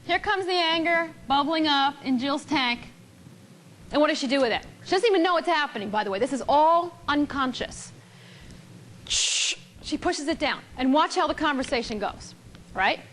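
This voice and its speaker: A woman giving a seminar talk on relationships to a live audience, animated and emphatic, repeating key phrases. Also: high-pitched, normal speed, slight background noise. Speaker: relationship speaker.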